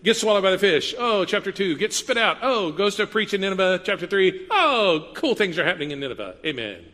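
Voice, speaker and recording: A man preaches in an easy, conversational way, slipping into playful asides and quoted voices. His voice sits high and bright, and it carries the long reverb of a large hall. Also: sing-song, brisk. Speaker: pastor. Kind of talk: sermon.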